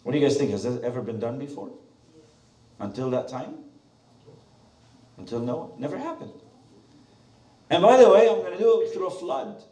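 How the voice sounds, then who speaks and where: Animated preacher in an echoey church. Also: male voice, medium pitch, normal speed, pauses often, recorded from a distance. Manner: animated, asks the congregation questions. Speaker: pastor. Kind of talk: sermon. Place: church sanctuary.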